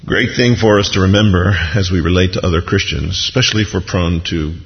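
A man with a low, gravelly voice preaches a sermon in a relaxed, conversational way, often turning to casual asides. His voice rings with a long hall echo and has a dull, lo-fi sound. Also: fairly quick.

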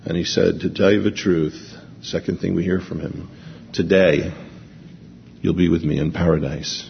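A man preaching a sermon, reading scripture slowly and then explaining it in a conversational way. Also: low-pitched, fairly even intonation, creaky, in a large hall, lo-fi sound, a little hiss or hum.

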